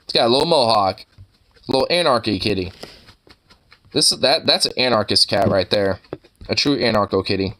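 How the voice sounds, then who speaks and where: A man's voice: fairly low pitch, animated, fairly quick, pauses often, bright, forceful tone. A man giving casual, rambling commentary while browsing online posts, full of profanity and filler.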